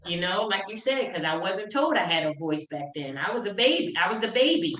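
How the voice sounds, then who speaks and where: A woman's voice: lowish voice, expressive, fairly quick, hardly any pauses, fairly bright tone, a little hiss or hum. A woman in a casual group chat, telling stories with energy, acting out quoted voices and repeating herself as she goes. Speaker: panel guest sharing stories. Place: home, on a video call. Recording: roomy echo.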